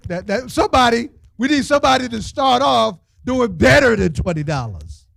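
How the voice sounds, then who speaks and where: Brief: very high-pitched man auctioneering at a fundraiser, playful and teasing, gravelly edge, dry close sound. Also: very animated, normal speed, fairly bright tone, no room sound. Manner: playful, teasing, street slang, laughs often. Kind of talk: lively joking fundraiser auction. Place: event hall with audience.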